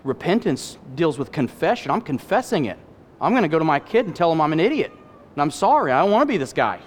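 A middle-aged male pastor giving an animated sermon, acting out voices and making candid personal asides. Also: on the high side, fast talker, slight background noise. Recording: hall reverb.

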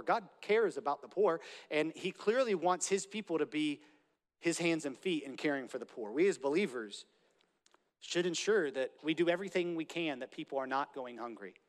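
A man's voice: a little high, moderate pace. A man preaching a sermon as pastor, earnest, repeating phrases to build emphasis. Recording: long reverb of a large hall.

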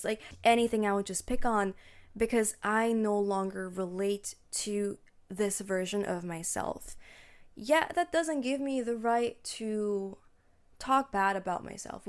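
Gravelly-voiced young woman podcasting. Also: mid-range voice. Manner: chatty and reflective, with frequent "like" and restarts. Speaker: podcast host. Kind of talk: casual solo podcast monologue.

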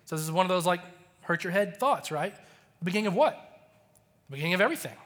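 A man's voice: sits high, expressive, fast talker, a bit bright. A man in his thirties, a pastor giving a conversational, storytelling sermon that acts out the quotes. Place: church auditorium.

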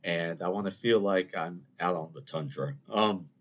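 A young man, hosting a podcast in a casual solo chat. He rambles, jokes at his own expense and talks in an animated way. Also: sits low, normal speed. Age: 20s. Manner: animated, rambling, self-mocking. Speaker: podcast host.

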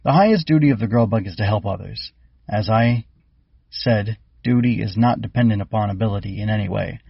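A man voicing a wise, winged bug keeper who calmly instructs young cadets. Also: on the low side, vocal fry, breathy edge, no echo, lo-fi sound. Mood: instructive. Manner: measured, instructive.

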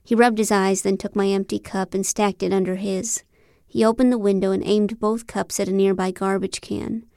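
A woman narrating a novel in the first person, with a wry, deadpan delivery. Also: mid-range voice, normal speed, no echo, studio quality. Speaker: audiobook narrator.

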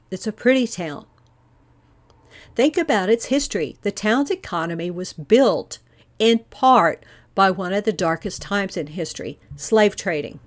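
Woman narrating a true-crime case. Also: mid-range voice. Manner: measured, poses many rhetorical questions; volunteer investigator speaking earnestly. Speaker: true-crime podcast host.

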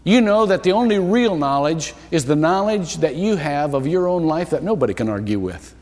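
A man preaches a sermon, his pitch swinging widely as he acts out the voices in the story. His voice sits a little high for a man. The sound carries a long reverb from the church hall. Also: moderate pace. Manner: animated storytelling, acting out quoted voices. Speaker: pastor. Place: church sanctuary.

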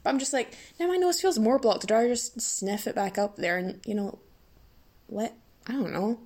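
A woman's voice: on the high side, moderate pace, darkish tone. Giddy, rambling woman podcast host with a cold. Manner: giddy, rambling, self-mocking, giggly. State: sick with a blocked nose. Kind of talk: casual solo podcast chat.

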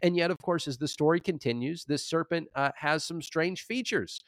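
A man co-hosting a scholarly debate show, presenting his position in a measured way with frequent restarts. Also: fairly high pitch, no echo. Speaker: co-host, Old Testament scholar.

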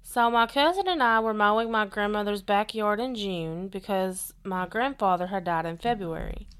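A woman co-hosting a podcast, reading listener stories aloud in a steady, earnest way between bits of casual chat. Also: mid-range voice, normal speed, slight background noise.

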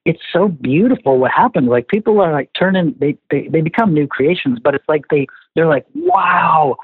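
Animated man on a tinny phone-like line. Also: a little high, a little fast, husky, dry recording. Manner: animated storyteller, acts out family dialogue. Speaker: guest. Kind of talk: conversational interview.

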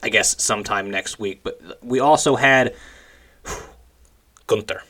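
A man's voice: lowish voice, slow pace, pushed and bright. A man co-hosting a podcast, chatting casually and enthusiastically with strong opinions. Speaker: podcast co-host. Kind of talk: casual wrestling chat.

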